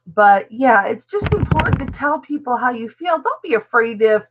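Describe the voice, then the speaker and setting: A middle-aged woman talks warmly and at length to her live-stream viewers, calling them baby and answering their comments. Her voice sits a little high. The sound is thin and phone-like. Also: lively intonation, moderate pace, background noise. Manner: chatty, affectionate, reads and answers viewer comments aloud. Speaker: live-stream host, reseller. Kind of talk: casual live-stream chat.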